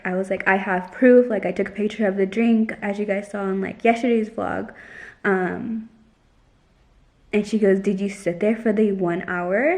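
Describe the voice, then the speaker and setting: A woman's voice: mid-range voice, a little mellow. A young woman vlogging casually, telling a story in a chatty way with lots of "like" and acting out the lines of others. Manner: chatty, heavy use of "like", retells dialogue.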